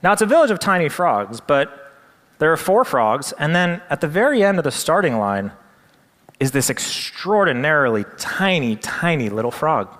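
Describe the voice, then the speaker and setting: Male presenter, dramatic storyteller, slightly high voice, big hall echo. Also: big pitch swings, moderate pace, fairly bright tone.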